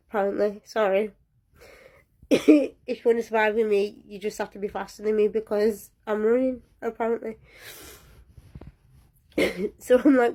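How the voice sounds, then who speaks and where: A young woman telling a personal story in a casual, lively way, often breaking into laughter. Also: on the high side, normal speed, pauses often.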